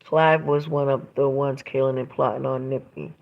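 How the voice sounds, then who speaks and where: A woman's voice: rumbling low, steady tone, moderate pace, creaky, dull audio. A woman hosting a casual livestream, reading viewer comments aloud and retelling stories emphatically with quoted dialogue.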